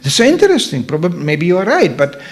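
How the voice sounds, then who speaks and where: A man acting out a calm, analytical male priest-scholar who reasons everything through. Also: sits high, quick pace, heavily acted.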